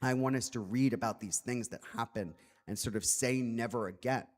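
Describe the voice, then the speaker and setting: A man's voice: medium pitch, normal speed. A man speaking as an author at a public book talk, earnest and reflective, with many "like" fillers.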